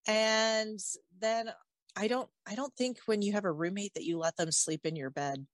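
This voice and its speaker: A woman's voice: medium pitch, steady tone, moderate pace, dry recording. A woman telling a personal story as an interview guest, candid and wry, with many fillers.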